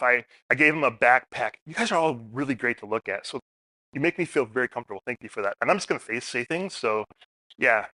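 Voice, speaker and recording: A man's voice: fairly high pitch, pushed and bright, no echo, clean studio sound. A middle-aged man speaking at a community forum, telling stories in a casual way and asking the audience questions. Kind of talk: public talk. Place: meeting room.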